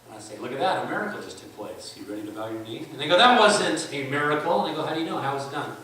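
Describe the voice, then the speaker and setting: A man's voice: mid-range voice, expressive, very fast, fairly bright tone. A man preaching at a conference, emphatic, acting out both sides of his debates with skeptics. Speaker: conference speaker. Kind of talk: sermon. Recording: echoey church hall from far off.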